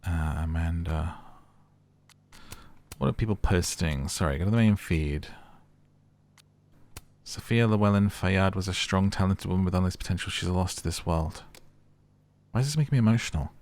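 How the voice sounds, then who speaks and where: A man's voice: low-pitched, moderate pace, long pauses, darkish tone. A young man playing through a story game, reading its text messages aloud and chatting casually about what happens. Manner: reads in-game texts aloud between casual remarks; chatty, uses "like" a lot. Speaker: gaming YouTuber. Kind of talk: let's play commentary.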